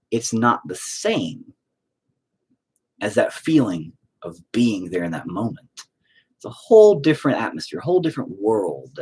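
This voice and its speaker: Husky man rambling candidly, swearing freely. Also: fairly low pitch. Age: adult with children. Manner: rambling and profane, full of "you know" fillers. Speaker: podcast host and band vocalist. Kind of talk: casual confessional chat.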